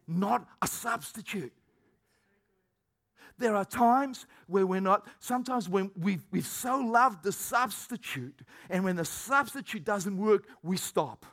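A high-voiced male pastor delivers a spirited sermon at a slow pace. He performs the voices of the people he quotes, shifting between shouting and soft, hushed asides.

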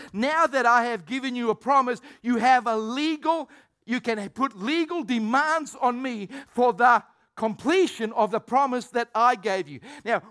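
A high-pitched man preaching a lively sermon. He acts out the voices he quotes and swings from shouts to low, quiet asides. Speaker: pastor.

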